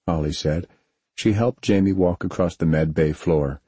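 A man narrating a science fiction audiobook in a measured, steady way, recorded on a close studio mic. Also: low voice, breathy edge, no room sound. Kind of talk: scripted narration.

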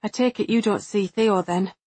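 Audiobook: woman narrator doing a calm, wry male partner who speaks softly and carefully, in a dry booth. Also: medium pitch, moderate pace, husky, dry recording, close to an everyday voice. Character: calm gentle adult man, a partner.

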